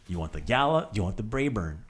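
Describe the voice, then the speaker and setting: A man's voice: on the low side, big pitch swings, rapid-fire, breathy edge. A man hosting a casual language lesson, drilling words with playful asides. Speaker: language teacher.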